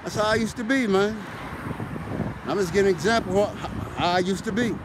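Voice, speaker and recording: A man with a very high-pitched voice talks in a streetwise, animated way, acting out heated arguments. He's sitting in a car, and loud wind noise buffets the microphone. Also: fairly quick. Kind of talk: casual storytelling monologue.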